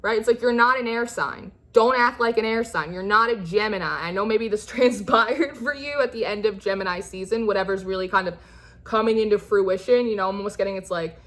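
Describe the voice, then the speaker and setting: A woman's voice: medium pitch, a little fast, a bit bright. A young woman giving a casual, reassuring tarot reading, chatty and rambling, with many fillers and restarts. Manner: reassuring and encouraging. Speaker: tarot reader.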